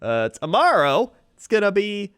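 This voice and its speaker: A man's voice: high-pitched, big pitch swings, measured pace, a bit bright, clear, resonant tone, no echo, studio quality. Goofy mock-serious young male podcaster. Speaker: podcast co-host. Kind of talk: casual comedy chat.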